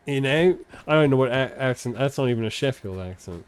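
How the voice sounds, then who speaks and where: A man chatting casually on a gaming livestream. He swears freely and rambles, often breaking off mid-thought to start again, in a mid-pitched voice. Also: animated, fairly quick, hardly any pauses, clear, resonant tone, dry recording. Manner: rambling, profane, trails off and restarts often. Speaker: live streamer. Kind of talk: casual chat while gaming on stream.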